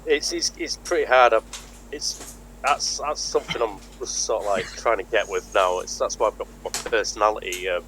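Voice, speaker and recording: A man's voice: lowish voice, moderate pace, fairly bright tone, slight background noise, poor audio. A man from Britain who runs a tabletop game, chatting in a rambling way and laughing often. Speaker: game master. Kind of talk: casual tabletop chat.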